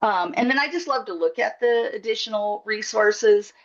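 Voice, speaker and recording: A woman's voice: mid-range voice, moderate pace. A woman coaching a small group on a video call, upbeat and encouraging, chatty with a few fillers. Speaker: workshop coach. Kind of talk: online group coaching session. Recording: dull lo-fi call audio.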